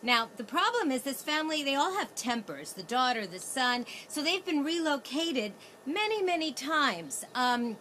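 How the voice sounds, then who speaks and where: A woman's voice: sits high, big pitch swings, normal speed, few pauses, sharp tone, slight background noise. A woman co-hosting a casual film review show. She is chatty and laughs often, with rambling restarts.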